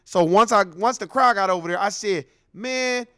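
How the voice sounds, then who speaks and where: A man's voice: sits high, fairly quick, fairly bright tone, no room sound, studio quality. A man hosting a commentary show, ranting bluntly and heatedly, telling stories with acted-out quotes. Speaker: host.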